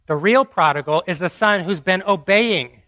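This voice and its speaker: Male preacher, high and bright, emphatic sermon delivery with repeated phrases; dry, slightly dull recording. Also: normal speed, no echo.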